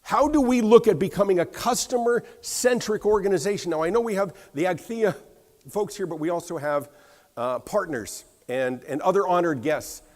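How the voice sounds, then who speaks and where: An American man giving a conference keynote, telling a story in an animated way, slightly hoarse from a cough. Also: high-pitched, moderate pace. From United States. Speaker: keynote speaker. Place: large conference hall. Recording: reverberant hall sound.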